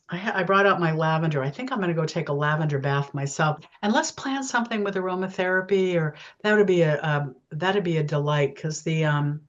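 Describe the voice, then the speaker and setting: A woman talking in a casual chat as a guest, chatty and often laughing, with many restarts. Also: fairly low pitch. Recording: dull lo-fi sound.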